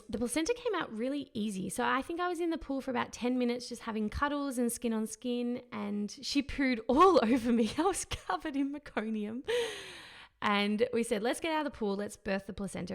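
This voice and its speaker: A woman's voice: on the high side, creaky. A woman hosting a podcast, telling a personal story in an emotional, reflective way and often searching for words. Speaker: podcast host.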